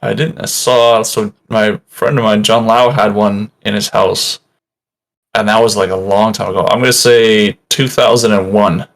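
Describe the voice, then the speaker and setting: A man from Canada chatting casually with a wry, deadpan humour. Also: fairly low pitch, normal speed, vocal fry. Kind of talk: casual chat.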